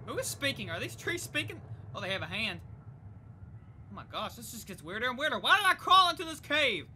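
A young woman plays a game and reacts out loud in excitable, chatty commentary. Her voice is high and very bright, and it swings widely up and down. A faint background hum sits under her. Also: a little fast. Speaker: gaming YouTuber. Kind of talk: let's play commentary.

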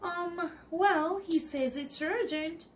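A woman's voice: extremely high pitch, slow pace, slight background noise, voice pushed up. A woman reading aloud, voicing a clumsy, nervous male mouse assistant who hesitates when he speaks. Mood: timid. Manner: hesitant, timid.

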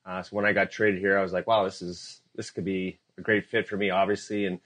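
A man with a low voice, a guest on a casual podcast chat and a former pro hockey player. He tells his rink stories with energy, often trailing off into quieter asides between the punchlines. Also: fairly quick. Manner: energetic storyteller, drifts into soft trailing asides.

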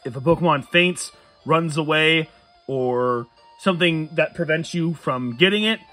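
A man's voice: a little high, a little slow, fairly bright tone, faint music behind. A man giving casual let's-play commentary late at night, tired, rambling and chuckling at his own jokes. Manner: rambling, self-amused, chuckles often. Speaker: gamer playing a Nuzlocke run.

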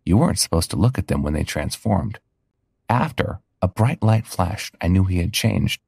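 Male storyteller, first-person narration, earnest, very low voice, husky. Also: animated, moderate pace, a little mellow, no room sound, studio quality.

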